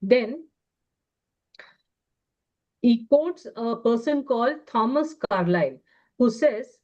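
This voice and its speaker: A woman's voice: fairly high pitch, animated, a little mellow. Woman teaching a study class, lo-fi. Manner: measured, reads quotations aloud, then explains them with frequent pauses and fillers. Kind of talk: reading and explaining texts in a study class. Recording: dull lo-fi recording.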